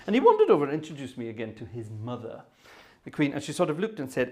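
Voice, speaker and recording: A man at a mid pitch tells a long story to a concert audience. His delivery rambles, full of fillers, trailing asides and self-corrections. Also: huge pitch swings, fast, darkish tone. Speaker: concert organist and host. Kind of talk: live storytelling anecdote.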